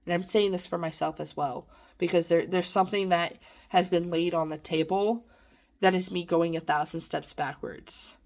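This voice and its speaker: A woman's voice: lowish voice, fairly even intonation, moderate pace. Earnest woman in an emotional self-talk. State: near tears at times. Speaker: vlogger. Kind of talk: personal reflective monologue.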